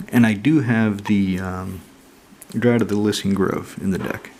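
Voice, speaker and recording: A man with a low, gravelly voice rambles and thinks aloud in a casual home chat, dropping the odd swear word. Running water can be heard clearly behind him. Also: steady tone, moderate pace, darkish tone. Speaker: channel host opening card mail. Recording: noisy room with running water.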